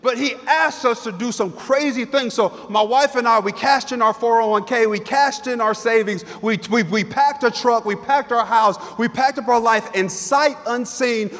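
Emphatic and repetitive, the guest preacher builds his sermon through rhetorical questions, his high voice carrying a slightly bright edge. The recording from the church sanctuary is washed in long reverb.

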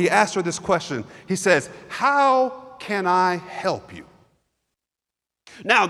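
High-pitched guy pastor preaching hard, repeats himself for emphasis, big echoey hall. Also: fairly bright tone. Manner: fervent, repetitive, emphatic preaching. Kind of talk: sermon. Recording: long hall reverb.

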